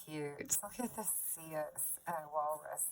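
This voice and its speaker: A woman's voice: deep voice, slow pace, slight background noise, rough recording. A woman crafter chatting casually as she shows off her book collection, gushing and giggling, recorded on a phone. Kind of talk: casual show-and-tell chat.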